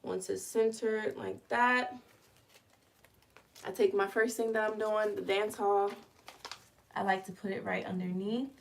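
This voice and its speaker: Unhurried and level, with a medium pitch, vocal fry and long pauses, a woman hosts a casual live stream from her living room, with slight background noise. She talks directly to her audience as she explains each step of making merch.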